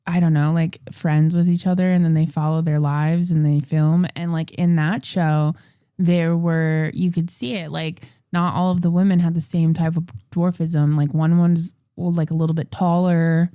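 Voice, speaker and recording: A woman's voice: deep voice, flat delivery, moderate pace, mellow, smooth, no room sound, clean studio sound. A woman co-hosting a podcast, chatting casually and swearing as she recaps a movie. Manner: chatty, swears, laughs along. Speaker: podcast co-host.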